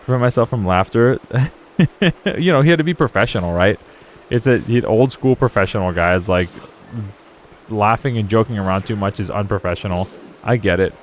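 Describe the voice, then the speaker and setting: A man's voice: fairly low pitch, normal speed, a little hiss or hum. A young man chatting loosely while playing a video game, rambling through stories and laughing often. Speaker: gaming streamer. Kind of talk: casual let's play commentary.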